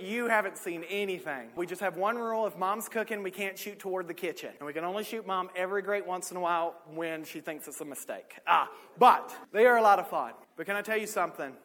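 A man preaching a sermon, telling a personal story, with big swings from loud, raised lines down to quiet, hushed ones. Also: fairly high pitch. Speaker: pastor. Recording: long hall reverb.

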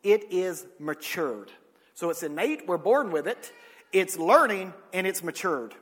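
Preacher with a bright, high voice. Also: male voice, animated, a little slow, breathy edge. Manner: swings from shouted peaks to low asides, folksy storytelling. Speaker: pastor. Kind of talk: sermon. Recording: echoey hall.

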